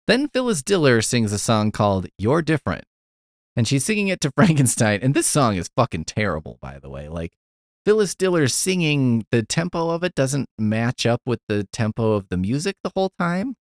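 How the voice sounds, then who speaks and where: A man's voice: medium pitch, sing-song, normal speed, no room sound, clean studio sound. A man hosting a podcast, giving a rambling, profane, wry casual review of a film. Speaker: podcast host.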